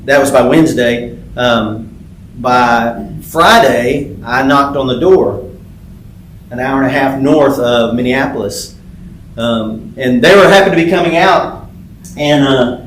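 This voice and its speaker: A man's voice: mid-range voice, unhurried, a little hiss or hum. A middle-aged man preaching a sermon, telling a personal story in a loose, conversational way with many fillers and restarts. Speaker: pastor. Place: church sanctuary. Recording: echoey church sanctuary.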